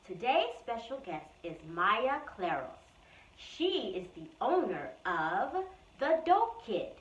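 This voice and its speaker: A woman hosting a children's show in a bookstore, talking in a playful, clear way for kids. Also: on the high side, sing-song, slow pace. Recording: roomy, distant, slightly dull recording.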